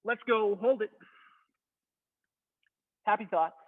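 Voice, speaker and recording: A fitness instructor with a high voice coaches a beginner workout at a slow pace, casual and encouraging while straining through a plank. The sound is tinny, like a phone.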